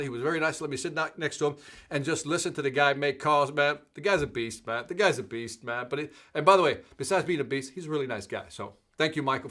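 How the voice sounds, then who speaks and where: Male host, middle-aged, bright energetic delivery, calls out live-chat viewers by name, casual tone. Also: a little high. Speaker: host of a live sales show.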